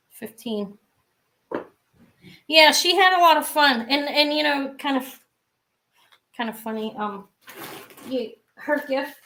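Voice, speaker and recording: A woman's voice: on the high side, fairly bright tone. A middle-aged woman chatting casually as she sells jewelry in a live-stream auction, rambling with asides.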